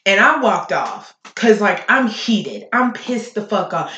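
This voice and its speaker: Woman host, unfiltered solo podcast rant, heavy swearing, mid-pitch voice, echoey room. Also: sing-song, sharp tone. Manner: blunt and profane, talking fast and heated.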